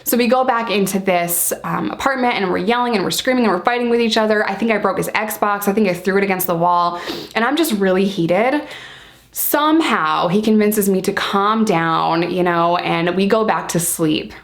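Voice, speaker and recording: Woman vlogger, medium-pitched, blunt and candid storyteller with casual swearing who keeps talking to her viewers directly. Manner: lively, speeds up and slows down for emphasis. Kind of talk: casual storytime, told to camera.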